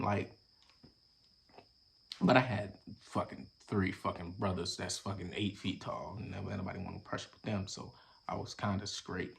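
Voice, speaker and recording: A young man hosting a podcast, casually reacting to a viral video with profane, animated commentary that swings between loud bursts and low mutters. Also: creaky, slight background noise.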